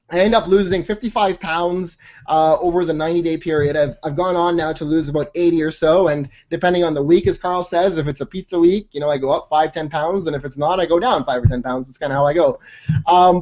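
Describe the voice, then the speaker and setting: A man who works as a fitness coach, telling a personal story as a guest speaker on a team call in an energetic, chatty way with many fillers and mild slang. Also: high voice. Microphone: conference call line. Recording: dull lo-fi call audio.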